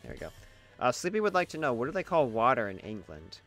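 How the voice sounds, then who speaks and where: A man's voice: medium pitch, huge pitch swings, fast, fairly bright tone, soft background music. A man streaming a game, reading chat aloud in a playful way and laughing easily.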